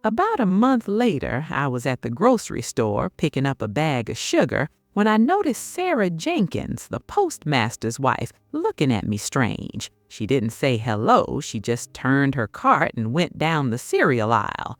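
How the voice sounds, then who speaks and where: A woman's voice: very deep voice, huge pitch swings, a little slow, hardly any pauses, no echo. A middle-aged woman with a Southern US accent, telling a first-person story in a folksy way. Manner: folksy, addresses listener as honey. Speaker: narrator.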